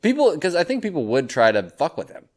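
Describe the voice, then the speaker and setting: A man's voice: on the high side, wildly swooping pitch, fast talker. Playful riffing comedian man. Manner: playful, laughs and riffs in bits. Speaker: podcast co-host, comedian. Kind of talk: casual comedic chat.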